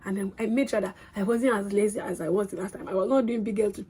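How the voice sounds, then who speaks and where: A young woman telling a story to her vlog in an excitable, chatty way. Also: mid-range voice, quick pace, breathy edge. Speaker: vlogger.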